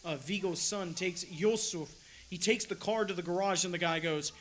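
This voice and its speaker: A man's voice: high-pitched, moderate pace, a bit bright. A man hosting a podcast, chatting casually and retelling movie scenes with enthusiasm. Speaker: podcast host. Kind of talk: casual chat.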